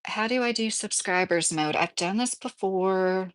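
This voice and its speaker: A woman's voice: medium pitch, unhurried, clear, resonant tone. Chatty woman streamer in her thirties. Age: 30s. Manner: chatty, laughs often, reads comments aloud. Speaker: livestream host reading chat. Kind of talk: casual livestream chat. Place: mobile home indoors.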